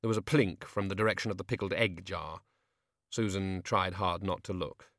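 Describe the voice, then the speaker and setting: A man narrating an audiobook with a measured, expressive reading. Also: deep voice, no room sound, studio quality.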